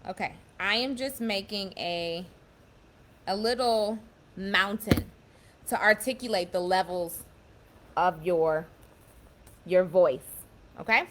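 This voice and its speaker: A young woman giving a casual motivational talk, emphatic and warm, often repeating and restarting her phrases as she explains. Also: mid-range voice, slow pace, pauses often, a little hiss or hum. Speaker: self-empowerment speaker.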